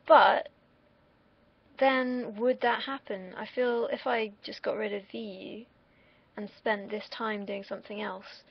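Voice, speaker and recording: A woman's voice: medium pitch, vocal fry, breathy edge. A young woman from the United Kingdom, rambling candidly in a casual solo livestream and swearing freely. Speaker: streamer. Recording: dull lo-fi mic.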